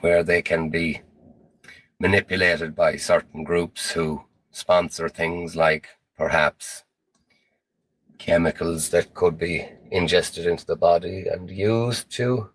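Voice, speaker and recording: Brief: low-voiced man, slow and grave conspiracy monologue, dry sound. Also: steady tone, dry recording.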